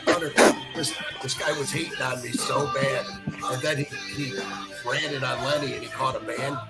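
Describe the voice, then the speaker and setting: Rambling male co-host over loud music. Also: medium pitch, steady tone, moderate pace, low-quality recording. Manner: teasing, rambling, half-singing his lines. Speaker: podcast co-host. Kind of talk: casual livestream chat. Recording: loud music playing behind.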